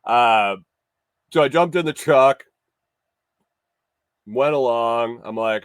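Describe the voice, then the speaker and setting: A man tells a story in a loose, rambling way, restarting his sentences and swearing now and then. His voice sits at a middle pitch and sounds close and dry, with no room around it. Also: slow pace, long pauses, clean tone, no echo. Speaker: morning show host. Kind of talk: casual storytelling chat.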